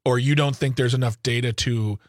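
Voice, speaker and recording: A man co-hosting a casual talk radio show from a studio, arguing his points in an animated way. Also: mid-range voice, fairly quick, no room sound. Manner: animated, argumentative, many "like" fillers.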